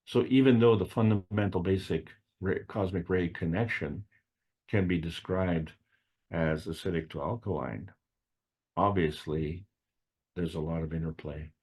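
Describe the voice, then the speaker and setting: A man lectures on spiritual ideas in a loose, meandering way, circling back and repeating himself as he poses questions to the listener. His voice sits very low and sounds husky and mellow. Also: a little slow.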